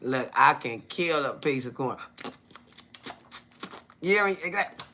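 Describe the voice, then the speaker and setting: Bright, chatty man on a live stream. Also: medium pitch, expressive, unhurried, slight background noise. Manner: chatty, keeps asking viewers "you feel me?"; greets viewers by name mid-talk. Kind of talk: casual live-stream talk.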